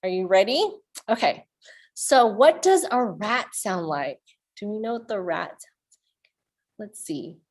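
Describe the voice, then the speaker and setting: A woman's voice: medium pitch, animated, measured pace, long pauses. A woman leading a children's storytime, reading aloud and playfully making animal sounds with the kids. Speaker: children's librarian.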